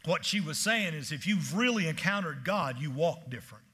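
Bright, animated male preacher. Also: on the high side, normal speed, slightly rough. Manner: animated, stammering restarts, acts out quoted voices. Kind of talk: sermon.

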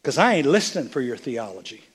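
An older man preaching as a bishop, his voice husky and breathy at a middle pitch. He drops to soft, hushed phrases, then builds into loud, emphatic declarations. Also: very animated, fast talker. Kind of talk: sermon.

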